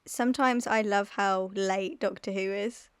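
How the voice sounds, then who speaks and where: A woman's voice: mid-range voice, fairly even intonation, smooth, no echo, studio quality. An English woman co-hosting a podcast, reacting to her partner and teasing him. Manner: reactive, teasing, quick interjections. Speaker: podcast co-host. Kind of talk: casual podcast chat.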